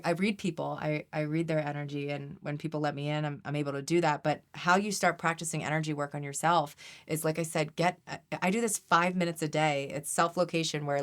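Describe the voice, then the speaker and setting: A woman energy healer as a podcast guest, explaining in an earnest, teaching way with frequent restarts. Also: deep voice. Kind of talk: podcast interview.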